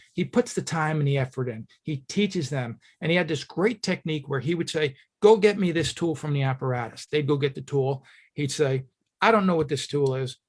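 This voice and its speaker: A man with a fairly high speaking voice delivers a motivational keynote speech. He talks emphatically and directly to his listeners. He often stops to ask them rhetorical questions. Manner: tells stories and acts out short quotes. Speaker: keynote speaker at a fire service training school.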